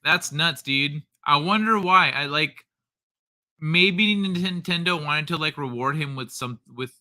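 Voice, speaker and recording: Bright-voiced joking young stream host. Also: male voice, mid-range voice. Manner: joking, laughs often, loose slang. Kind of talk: casual late-night stream chat.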